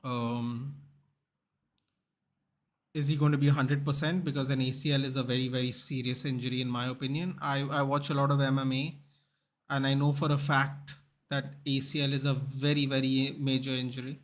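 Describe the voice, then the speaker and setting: A man's voice: mid-range voice, moderate pace. A young man hosting a live football watchalong, reacting casually to the match and chatting with viewers. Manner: animated, chatty, reacts to the game and reads chat.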